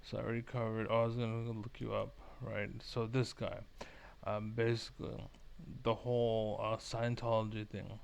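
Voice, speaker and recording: A man's voice: lowish voice, level tone, moderate pace, creaky, smooth. A man giving rambling, profane commentary as a vlogger reacting to clips, full of fillers. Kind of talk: casual ranting commentary.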